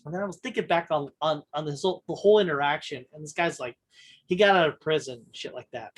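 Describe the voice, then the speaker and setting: A man's voice: a little high, fast, breathy edge. A man hosting a podcast, telling a long story in casual chat, rambling with many restarts and fillers, blunt and profane. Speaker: podcast host.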